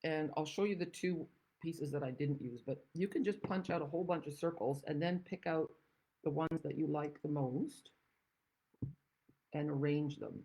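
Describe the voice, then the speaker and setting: A woman's voice: low voice, moderate pace, warm tone, slightly rough, low-quality recording. A woman from the Netherlands hosting a card-making tutorial, chatting with rambling, self-deprecating asides. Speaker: craft demonstrator and channel host.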